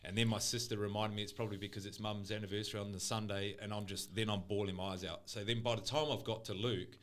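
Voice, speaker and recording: A man's voice: on the low side, level tone, fast talker. A man on a casual podcast, rambling and swearing as he tells an emotional personal story. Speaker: podcast co-host.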